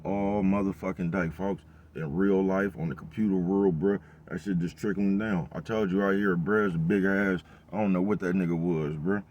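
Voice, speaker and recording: A man's voice: low voice, fairly even intonation, normal speed, lo-fi sound, slight background noise. A man, rambling in a casual monologue full of profane street slang and constant "bruh". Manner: rambling, profane street slang, repeats "bruh" and "you know what I'm talking about". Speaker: vlogger.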